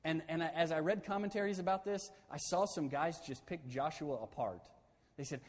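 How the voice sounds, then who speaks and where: A man's voice: on the high side, moderate pace, big-room sound. A man preaching a sermon conversationally, asking his listeners questions and repeating key phrases.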